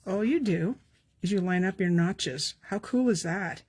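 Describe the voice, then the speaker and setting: A woman's voice: medium pitch, unhurried, darkish tone, slightly rough. An older woman, chatting with viewers as she demonstrates a craft on a live stream, friendly and self-deprecating. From Canada. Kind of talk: casual live-stream tutorial.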